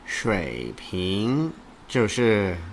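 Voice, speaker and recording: A man's voice: lowish voice, big pitch swings, very slow, vocal fry, a little hiss or hum. A man with a Southern American accent, a learner repeating words and joking in a bilingual lesson. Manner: repeats words back, jokes. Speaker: language learner.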